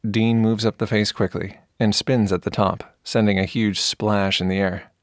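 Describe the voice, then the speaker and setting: A man reading an audiobook in an even, measured way, with a gravelly grain to his voice. His tone sits low, and the recording is dry and close with no room around it. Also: no echo. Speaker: narrator. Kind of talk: audiobook narration.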